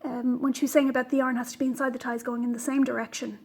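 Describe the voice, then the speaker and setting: A woman with a high, light voice hosts a knitting video podcast from home. She talks casually but with pointed indignation, stressing her words and pausing on fillers. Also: little pitch movement, creaky, a little mellow, breathy edge. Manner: indignant, emphatic, with frequent fillers. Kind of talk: casual vlog monologue.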